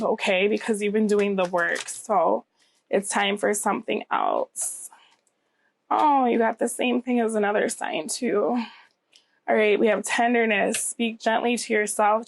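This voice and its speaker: A woman's voice: mid-range voice, creaky. Woman with a nasal voice after a cold. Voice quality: slightly scratchy and nasal. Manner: reassuring, often checks in with "okay?". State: getting over a cold. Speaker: tarot reader. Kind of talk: casual tarot reading to camera.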